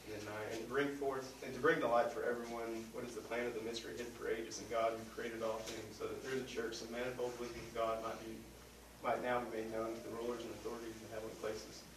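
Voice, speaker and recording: A man taking part in a Bible study group, reading scripture aloud. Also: medium pitch. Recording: distant roomy mic with background noise.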